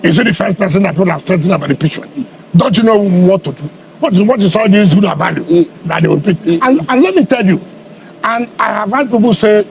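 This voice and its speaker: A middle-aged man with a notably high voice and a combative edge, hammering out rhetorical questions and repeating himself for emphasis. He answers in a heated media interview. Faint noise hums underneath. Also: fast talker, gravelly. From Nigeria. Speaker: politician being interviewed.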